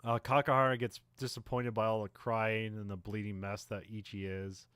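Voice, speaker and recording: A man co-hosting a podcast, casually recapping a film plot with many fillers and quick acted-out character lines. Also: fairly low pitch, flat delivery, a bit bright, smooth, no room sound, clean studio sound. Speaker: podcast co-host. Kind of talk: casual movie recap chat.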